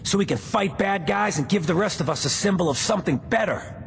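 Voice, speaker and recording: An eager ghoul comic fan, high and lively. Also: male voice, creaky, faint music behind. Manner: eager, excitable, quick to gush. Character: excitable male ghoul comic-book fan. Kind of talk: game character dialogue. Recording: game audio with long reverb, faint hiss.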